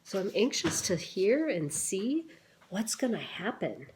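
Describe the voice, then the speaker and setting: A woman, a teacher, reading a picture book aloud to children, gently pausing to ask questions and wonder aloud. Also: mid-range voice, sing-song, slight background noise.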